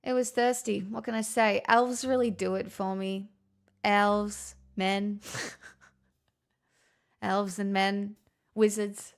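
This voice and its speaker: Woman streamer, put-on transatlantic accent, unhurried and gravelly, self-mocking, swears casually. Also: mid-range voice, level tone. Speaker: live streamer greeting chat. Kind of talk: casual live-stream chat.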